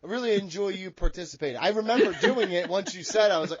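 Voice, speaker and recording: Male podcast host, high voice, crude rambling banter, dry and dull lo-fi sound. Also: fast, no room sound. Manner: crude, profane, rambling joking. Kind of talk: casual chat.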